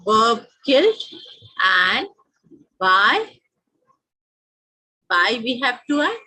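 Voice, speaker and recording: Woman, Indian English accent, grammar teacher, husky tone, lively pitch, slow and repetitive. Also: poor audio. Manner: asks questions and answers them herself; slow, repeats each example sentence. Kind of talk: classroom grammar lesson.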